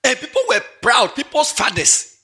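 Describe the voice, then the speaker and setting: A man preaching with a high, bright, ringing voice that leaps all over the scale. He jokes and laughs as he goes, shouting one moment and dropping to a near-murmur the next. It sounds like a lively church sermon. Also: moderate pace. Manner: animated and playful, laughing often, swings from loud exclamations to quiet asides. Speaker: pastor.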